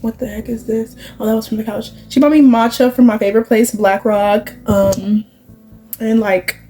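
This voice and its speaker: A young woman talks casually and confidingly at home while doing her makeup, drifting from thought to thought. Her voice sits a little high and sounds mellow rather than bright. Faint music plays underneath. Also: fairly even intonation, moderate pace, low-quality recording. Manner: rambling, full of "like" and "you know", confiding. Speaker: vlogger.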